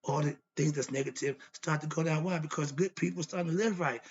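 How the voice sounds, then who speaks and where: A fast-talking man with a husky, slightly high voice is heard in lo-fi sound. He hosts a philosophy monologue on self-knowledge, lecturing in a blunt, preachy, annoyed way, repeating himself and answering the rhetorical questions he poses.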